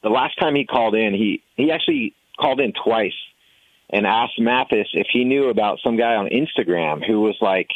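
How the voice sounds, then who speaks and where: A low-pitched man talking candidly in a relaxed roundtable chat, full of opinions. His voice comes through a dry, tinny phone line. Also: normal speed, no echo. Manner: candid, opinionated, mimics callers. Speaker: podcast roundtable guest. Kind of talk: casual chat.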